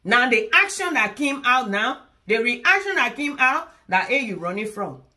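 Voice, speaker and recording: A woman's voice: on the high side, very animated, normal speed, bright, forceful tone. A woman from Liberia, a comedian, performing a comic one-sided phone call in which she indignantly scolds her partner and argues in circles.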